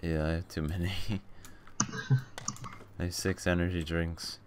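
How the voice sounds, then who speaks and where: A man's voice: deep voice, level tone, unhurried, very noisy. A young man streaming a game, bantering and laughing casually with a friend. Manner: joking, laughing often. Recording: keyboard clicks behind voice.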